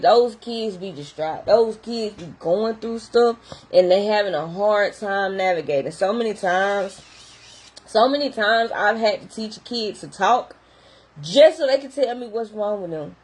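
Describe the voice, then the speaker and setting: A woman's voice: mid-range voice, a little slow, husky, poor audio. A young adult woman who works in behavior therapy, talking casually and animatedly straight to her viewers. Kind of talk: casual talk to camera.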